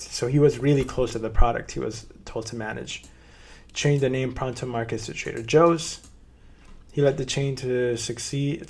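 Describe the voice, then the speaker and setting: A man's voice: medium pitch, gravelly, a little mellow. A young man casually reacting to a video on a live stream, rambling with playful asides.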